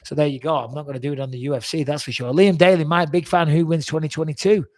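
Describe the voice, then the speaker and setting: Guy in his 40s reading out fan questions, swears a lot, rambles, bit high voice. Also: steady tone, fast, a little mellow. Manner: blunt, swears freely, rambling with restarts. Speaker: fighter answering fan questions. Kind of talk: casual fan Q&A.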